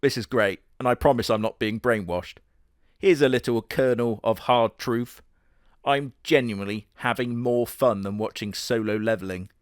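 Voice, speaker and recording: A man hosting a comedic reaction video with sarcastic, profane, deadpan jokes. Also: medium pitch, normal speed, clear, resonant tone, dry recording, studio quality.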